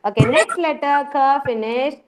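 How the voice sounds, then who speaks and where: A woman's voice: high voice, moderate pace, heavy background noise. A woman with an Indian English accent, a preschool teacher running an online class and encouraging the children with repeated call-outs. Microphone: video call. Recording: muffled online call audio.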